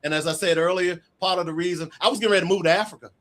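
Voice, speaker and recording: This author guest, a middle-aged man, talks very fast in a voice that sits high. Interviewed in a relaxed way, he tells stories with animation, performing the lines of dialogue as he goes.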